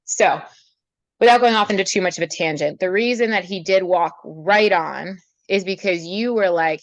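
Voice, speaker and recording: A woman riding instructor teaching a student in a chatty, animated way, then leading a guided meditation. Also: on the low side, normal speed, no echo. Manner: chatty, animated, acts out horse thoughts. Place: outdoors at a horse trailer.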